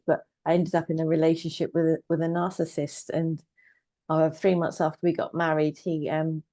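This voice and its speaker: A woman's voice: low voice, mellow, no echo. Give me a woman in her fifties telling her story plainly and evenly, close and dry on the mic. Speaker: guest, trauma coach and therapist. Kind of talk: personal story in casual conversation.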